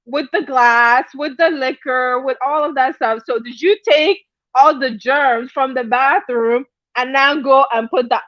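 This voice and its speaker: A woman's voice: sits high, no echo, highs cut off. A woman hosting a casual livestream gossip chat. She laughs often and greets viewers by name. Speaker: livestream host.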